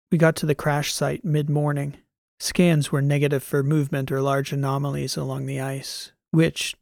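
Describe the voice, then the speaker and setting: A man reading a science fiction story as an audiobook narrator, in a measured, even way. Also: fairly high pitch, creaky, no room sound, studio quality. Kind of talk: scripted narration.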